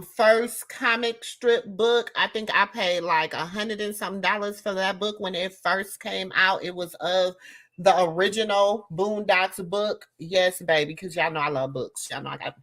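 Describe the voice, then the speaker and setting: A woman in her fifties hosting a casual commentary, emphatic and animated, repeating lines for effect. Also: mid-range voice, normal speed. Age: 50s. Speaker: host.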